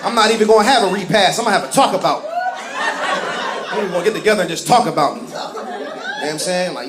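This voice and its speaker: A man doing live stand-up comedy, profane and animated, acting out other people's voices. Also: high-pitched, quick pace, long pauses. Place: comedy stage before a laughing audience. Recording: roomy live venue with crowd laughter.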